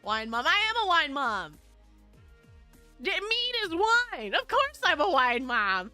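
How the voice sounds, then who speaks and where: Giggly woman streamer, high bright voice, casual chat, faint music behind. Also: very animated, slow, no room sound. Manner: giggly, laughs often. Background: faint background music.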